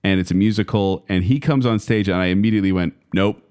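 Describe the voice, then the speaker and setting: A man's voice: low voice, fast, darkish tone, smooth. A man co-hosting a podcast, chatting casually and acting out his own reactions. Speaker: podcast co-host. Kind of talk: casual chat.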